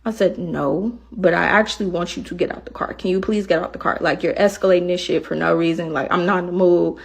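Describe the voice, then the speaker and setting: A woman telling a personal story in a blunt, profane and animated way, acting out the other side of the dialogue. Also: on the low side, quick pace, gravelly, slightly rough. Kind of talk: casual storytelling.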